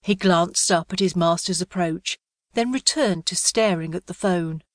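Low-voiced woman narrating comically. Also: a little slow, no room sound, studio quality. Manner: wry, comic storytelling. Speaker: audiobook narrator. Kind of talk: scripted audiobook narration.

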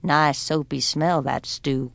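A gentle widowed farmer father who talks quietly and slowly, in few words, voiced by a woman. The voice is pushed low, with a gravelly edge. It is recorded close and dry. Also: steady tone, no room sound, heavily acted. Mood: gruff.

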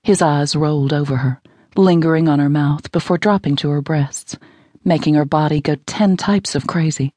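Low-voiced woman narrating romance. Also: moderate pace, mellow, no room sound. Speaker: audiobook narrator.

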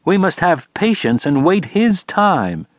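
A man's voice: sits high, very animated, unhurried, no echo, studio quality, voice pushed up. A man voicing an earnest, slightly preachy eldest teenage son.

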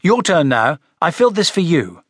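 A man's voice: fairly high pitch, big pitch swings, normal speed, fairly bright tone, breathy edge, dry recording, clean studio sound, voice pushed up, heavily acted. A male narrator voicing a friendly, eager boy who speaks in an upbeat, encouraging way. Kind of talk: audiobook character voice.

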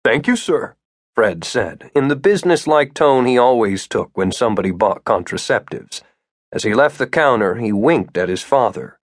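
A man reading an audiobook as narrator, with expressive storytelling. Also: medium pitch, moderate pace, no echo, studio quality. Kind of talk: scripted narration.

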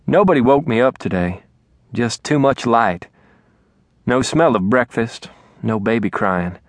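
A man narrating an audiobook in a soft, even storytelling voice. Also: mid-range voice, unhurried, dry recording. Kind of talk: scripted narration. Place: recording studio.

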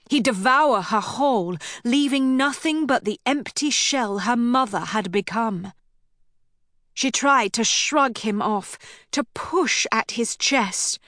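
A woman narrating an audiobook in a measured, dramatic way, recorded on a studio microphone. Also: medium pitch, fairly bright tone, dry recording.

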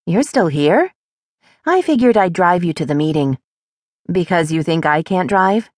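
A woman voicing a caring, practical female friend who speaks briskly and teases gently in an audiobook. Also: on the low side, expressive, no echo, clean studio sound.

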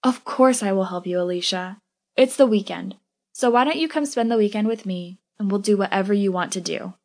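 A woman's voice: medium pitch, a little fast, a little mellow, lightly acted. A woman voicing a protective young woman who pleads earnestly with her best friend. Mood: tender.

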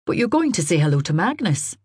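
A woman voicing a cheerful young father, all brightness and brisk encouragement as he coaxes his little boy. The tone is a touch lifted and husky, read close and dry in a storybook telling. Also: on the low side, very animated, dry recording. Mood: firm, breezy.

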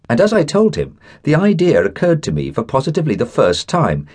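A man's voice: mid-range voice, wildly swooping pitch, a little fast, hardly any pauses, darkish tone, breathy edge. A man narrating a classic short story as an audiobook reader, telling it expressively and voicing the characters' dialogue.

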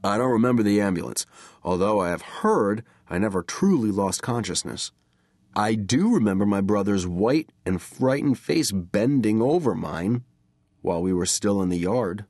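Brief: male audiobook narrator, low voice, dry close read, measured dramatic storytelling. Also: animated, a little mellow, no room sound. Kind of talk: scripted first-person narration.

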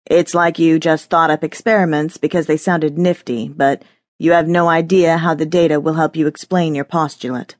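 A woman's voice: low-pitched, steady tone, normal speed, darkish tone, no room sound, studio quality, lightly acted. A woman voicing an arrogant male thesis professor who talks down to his student in a patronizing, dismissive way. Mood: lecturing.

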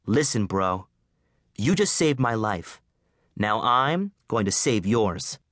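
A man's voice: lowish voice, very animated, slow pace, a bit bright, no room sound, clean studio sound, exaggerated voice. A man voicing a spunky, determined teenage girl who talks in a pushy, brash way in an audiobook. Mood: urgent, defiant.

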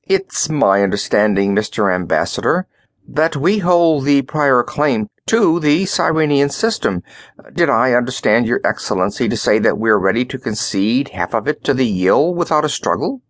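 A man voicing a calm, blunt young male diplomat in an audiobook, asking pointed questions. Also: medium pitch, moderate pace, no room sound, studio quality, close to an everyday voice.

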